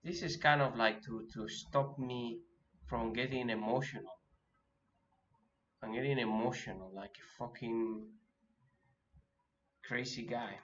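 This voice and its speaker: A man giving live commentary as he day trades, thinking aloud and talking himself through his nerves with halting restarts. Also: medium pitch, a bit bright. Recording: dull lo-fi audio with faint noise.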